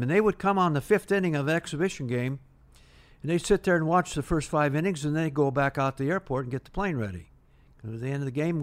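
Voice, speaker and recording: An older man telling a rambling anecdote as an interview guest, full of restarts and quoted dialogue. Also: medium pitch. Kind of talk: casual anecdote.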